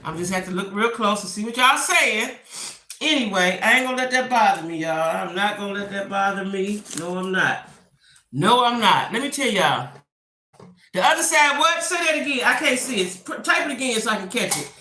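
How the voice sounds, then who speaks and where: Middle-aged woman, frustrated live-stream host; bright tone, recorded in a roomy space. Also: medium pitch, lively intonation, a little fast, distant mic. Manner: exasperated, talks to viewers directly. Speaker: vlogger. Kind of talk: casual live stream chat. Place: home room. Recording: roomy, away from the mic.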